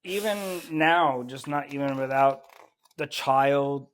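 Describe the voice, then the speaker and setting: A man's voice: medium pitch, slow, a bit bright. A man from the United States, a guest on a casual podcast chat, speaking candidly and critically about himself and swearing freely. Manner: candid, self-critical, profane.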